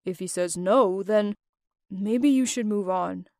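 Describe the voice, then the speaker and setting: A woman voicing a gentle, earnest young man. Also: medium pitch, slow pace, no echo, clean studio sound, voice pushed down. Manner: soft, earnest.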